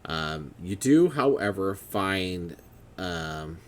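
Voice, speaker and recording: Deep-voiced guy running a tabletop game, talks real slow, lots of ums and restarts. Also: animated, a little hiss or hum. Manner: halting, many fillers and restarts. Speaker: game master.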